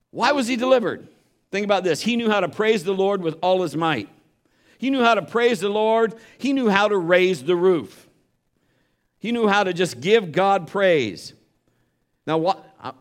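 A pastor preaching a sermon, moving between fervent exhortation and hushed storytelling. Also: male voice, sits high.

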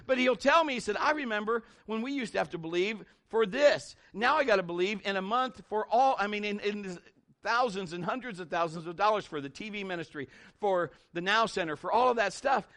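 A middle-aged man preaching a sermon in an animated, conversational way, with big swings in pitch. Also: a little fast.

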